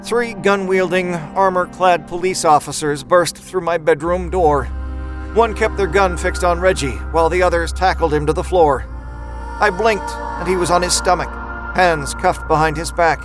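Higher-voiced male horror narrator. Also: low-quality recording. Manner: measured, dramatic storytelling. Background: music score.

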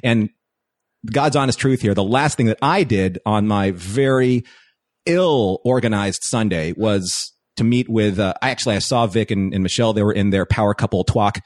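A man telling a story as a podcast guest in casual chat, animated, acting out quoted lines. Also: fairly low pitch, moderate pace, dry recording, clean studio sound. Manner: animated, excitable anecdote-telling with acted-out quotes.

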